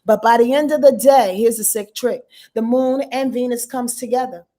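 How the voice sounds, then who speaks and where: A woman's voice: a little high, steady tone, normal speed, dark tone. A woman giving a casual live astrology rundown as host of her channel. She talks to her viewers in a blunt, profane, emphatic way and answers their comments as she goes.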